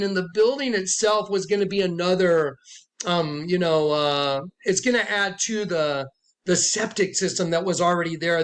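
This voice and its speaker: Indoors with his followers around him, a man who calls himself a prophet recounts an emotional story, emphatic and performing each quoted voice. His voice sits high and sounds a bit bright.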